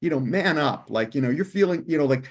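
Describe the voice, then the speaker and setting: A man co-hosting a podcast, speaking casually in a loose, halting way with plenty of fillers. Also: fairly high pitch, animated. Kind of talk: casual conversation.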